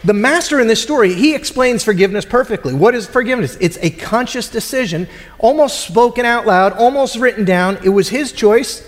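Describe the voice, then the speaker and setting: A man's voice: very high-pitched, animated, fairly quick, in a large hall. A man preaching a sermon in a conversational way, acting out the voices of people in the story. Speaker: pastor.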